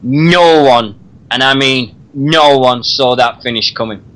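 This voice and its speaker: Guy hosting a radio show, chatty, laughs a lot, bright voice. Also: medium pitch, measured pace, rough recording. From Britain. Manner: chatty, laughs often, says "mate". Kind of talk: casual wrestling chat.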